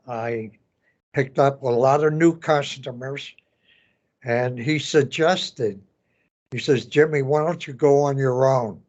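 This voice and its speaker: Slow-spoken elderly man, dull recording. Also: mid-range voice, a little mellow. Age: 90s. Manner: halting, repeats words, laughs while telling. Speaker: veteran interviewee. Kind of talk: oral history storytelling. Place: veterans center room.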